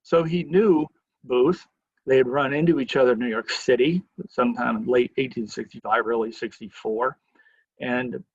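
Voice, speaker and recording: A man with a husky, slightly raspy voice leads a history lecture like a lively story, sometimes slipping into the people he quotes. The sound is dry and close, with a dull, slightly muffled tone. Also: mid-range voice, no echo. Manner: lively storyteller who acts out quoted lines. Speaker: museum educator giving a history lecture.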